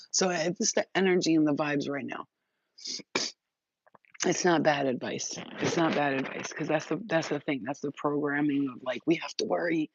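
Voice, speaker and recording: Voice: medium pitch, moderate pace, husky, no room sound. A spiritual livestream host in casual, profane chat who often acts out other people's voices. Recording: dull lo-fi dry sound.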